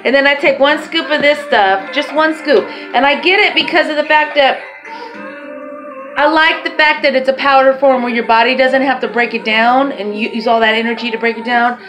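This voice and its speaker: A woman's voice: sits high, normal speed, a bit bright, poor audio. A woman talking to her camera in a rambling, chatty way, swearing freely. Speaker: vlogger. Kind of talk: casual talk to camera. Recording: music playing behind voice.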